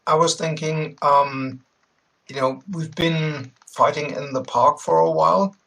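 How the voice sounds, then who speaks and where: A man's voice: on the high side, steady tone, a little slow, creaky, a bit bright, poor audio. A man playing a tabletop game, speaking hesitantly with many fillers. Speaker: player.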